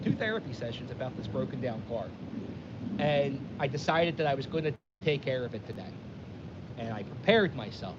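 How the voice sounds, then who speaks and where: Man, rambling storyteller, lively swooping voice, dull windy outdoor recording. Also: a little high. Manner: animated, self-deprecating, rambling with many restarts. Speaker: vlogger. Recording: dull audio with wind noise.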